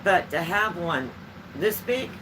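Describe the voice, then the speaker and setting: A woman's voice: lowish voice, expressive, takes it slowly, background noise. A woman vlogger chatting at home, telling homespun stories in a rambling, easygoing way. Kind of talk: casual storytelling chat.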